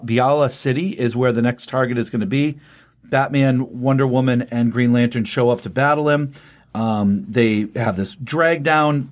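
A man casually retelling a comic book story, rambling with many ums and restarts and briefly acting out the characters' lines. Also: mid-range voice. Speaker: podcast host recapping a comic. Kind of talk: casual spoken recap.

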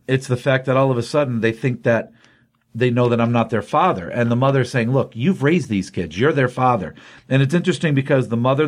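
A man who hosts a comics podcast walks through a plot in loose, rambling chat full of fillers. His pitch is average, and he comes across as easygoing and enthusiastic.

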